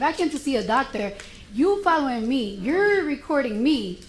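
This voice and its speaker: A woman's voice: high-pitched, moderate pace, roomy sound, heavy background noise. A woman testifying in court, animatedly retelling a confrontation and quoting both sides. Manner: animated retelling with quoted dialogue. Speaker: witness testifying.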